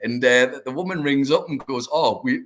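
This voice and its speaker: Brisk and fairly bright, this man's medium-pitched voice drives a relaxed podcast chat. He hosts with enthusiasm, sharing stories and laughing frequently.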